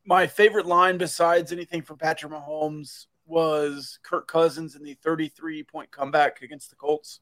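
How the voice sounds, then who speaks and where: A man with a somewhat high voice joins a casual sports talk as a podcast co-host. He adds short, easygoing asides and stays relaxed. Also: normal speed, few pauses.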